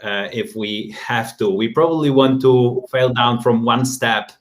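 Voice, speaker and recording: A man on a webinar panel calmly adding a point, explaining with a simple image. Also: mid-range voice, unhurried.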